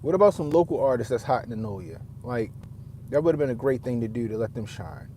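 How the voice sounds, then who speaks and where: A man's voice: mid-range voice, lively intonation, quick pace, dark tone, slight background noise. A man giving a casual, profane commentary, rambling and often repeating himself as he restarts his thoughts. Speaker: father.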